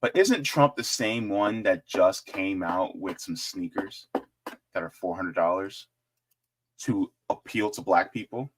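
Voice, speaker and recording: A man's voice: deep voice, slow. A man hosting casual political commentary, joking and talking straight to his viewers. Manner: joking, animated, talks to viewers directly.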